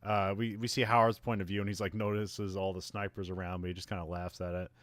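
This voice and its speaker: A man with a fairly low voice talks through a movie plot in an easygoing, rambling way, often restarting his sentences and laughing at the silly parts. It is a casual podcast recap, recorded dry and close to the mic. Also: flat delivery, quick pace, a bit bright, dry recording. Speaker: podcast host.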